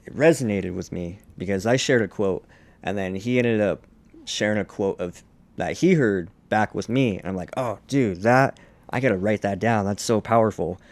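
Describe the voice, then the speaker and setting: A man's voice: on the low side, moderate pace, darkish tone. A man hosting a podcast, closing the episode in an enthusiastic, casual way. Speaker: podcast host. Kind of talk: casual chat.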